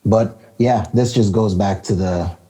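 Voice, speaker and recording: A man's voice: fairly low pitch, measured pace, warm tone, husky. A man co-hosting a casual hip-hop podcast, talking in a laid-back, rambling way with lots of fillers and laughter. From Canada. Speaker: podcast co-host.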